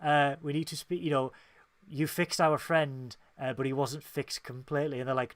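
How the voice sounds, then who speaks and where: Co-host, higher-pitched, dry close sound, acts out lines with gusto. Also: male voice, normal speed, dry recording. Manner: animated, acts out character lines, swears freely. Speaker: podcast co-host. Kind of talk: casual review chat.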